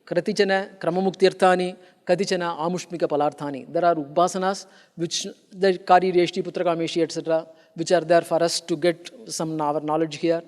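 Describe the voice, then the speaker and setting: A man's voice: a little high, fairly even intonation, brisk, a little mellow. A man giving a conference lecture on philosophy, explaining and stressing points, often repeating and restarting his phrases. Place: conference hall. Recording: long hall reverb.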